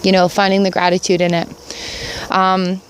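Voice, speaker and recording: Her voice is fairly low and monotone at normal speed, with a little hiss or hum on the recording. Outdoors in her yard, this middle-aged woman vlogs casually about gratitude in an earnest, upbeat way, repeating phrases for emphasis.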